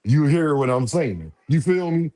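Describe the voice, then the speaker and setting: A man's voice: a little high, unhurried. Hype-talking man hosting a livestream. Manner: lively, repetitive shout-outs with slangy banter. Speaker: livestream host. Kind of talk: casual livestream chat greeting viewers.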